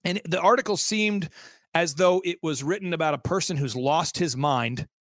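A man with a high voice tells an animated anecdote as an interview guest. He acts out the people he quotes and restarts his sentences often. The sound is dry and close. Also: normal speed, dry recording. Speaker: interview guest, event organizer. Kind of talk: fast storytelling anecdote.

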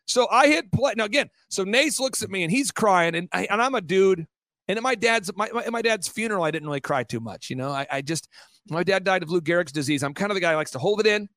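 A middle-aged man guesting on a talk show, telling an animated story with emphatic, repetitive phrasing. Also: a little high, no echo, clean studio sound. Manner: fast-paced, repetitive, emphatic.

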